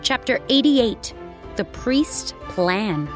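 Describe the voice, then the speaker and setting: A woman narrating a children's storybook in a slow, clear reading voice. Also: fairly high pitch, lively intonation, over music.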